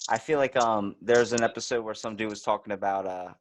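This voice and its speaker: A man hosting a casual podcast chat as an animated storyteller who keeps slipping into voices. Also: on the low side, brisk, no echo. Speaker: podcast host.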